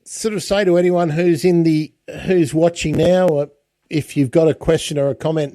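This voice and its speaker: A man's voice: a little high, warm tone, no echo. A man hosting an interview in a chatty way, often restarting his sentences. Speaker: podcast host. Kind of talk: casual interview chat.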